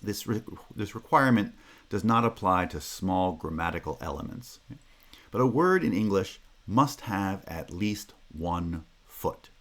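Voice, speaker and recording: A man's voice: low-pitched, animated, a little slow, fairly bright tone. A man giving a university linguistics lecture, explaining carefully and stopping often to check with "Okay?".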